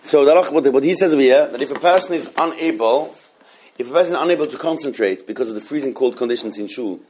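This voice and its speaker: A man's voice: medium pitch, fast talker, a little mellow, a little hiss or hum. A man teaching a halacha class in a rambling way, with many restarts and fillers. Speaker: Torah teacher.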